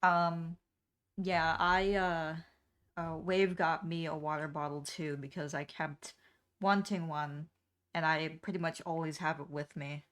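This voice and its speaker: Young woman streamer just chatting while drawing, low-ish voice, lots of ums and likes. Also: fairly even intonation, a little slow, a bit bright, clear, resonant tone. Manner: rambling, many fillers and restarts, laughs often.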